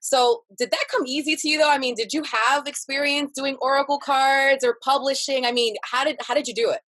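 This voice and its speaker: A woman's voice: sits high, fairly even intonation, fairly quick, fairly bright tone. A woman hosting a casual live-stream interview who talks with gushing enthusiasm and lots of "like" and "um". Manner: gushing and enthusiastic, many fillers like "like" and "um". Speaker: host.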